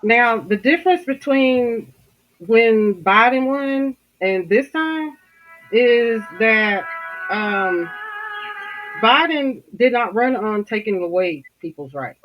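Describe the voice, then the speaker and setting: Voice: medium pitch, animated, takes it slowly, highs cut off, soft background music. A podcast host giving casual commentary, rambling and stopping to search for words.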